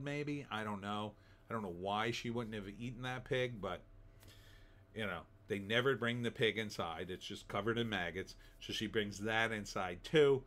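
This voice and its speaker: A middle-aged film reviewer offers a casual, rambling spoken movie review packed with fillers and restarts. His voice is on the low side with a fairly bright tone.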